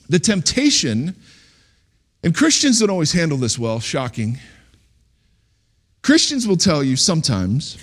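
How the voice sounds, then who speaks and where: A man delivering a sermon in a church, his voice sitting a little higher than most men's. His pitch swings widely as he preaches, talking conversationally and then breaking into sudden loud outbursts. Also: huge pitch swings, measured pace, pauses often. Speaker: pastor.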